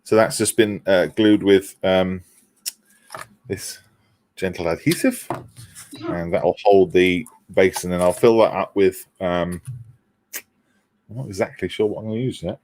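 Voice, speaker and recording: A man's voice: sits low, steady tone, measured pace, pauses often, darkish tone. A man hosting a casual model-making livestream, chatting, laughing and reading out viewer comments. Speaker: livestream host.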